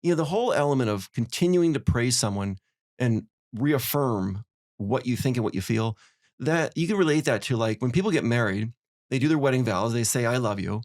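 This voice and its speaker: Fast-talking man hosting a podcast. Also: mid-range voice. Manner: fast, animated storyteller acting out quotes. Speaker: podcast host. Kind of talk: casual conversation.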